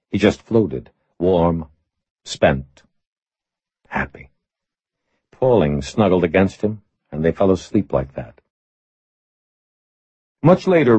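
Male audiobook narrator, measured steady reading, husky voice, dry close sound. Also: low voice, dry recording. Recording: slightly muffled recording.

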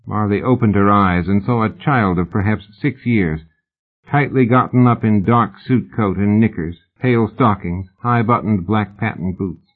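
A man reads a story aloud in a steady, even audiobook voice. His pitch sits on the low side, and the sound comes through thin and tinny, like a phone line. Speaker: narrator. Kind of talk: audiobook narration.

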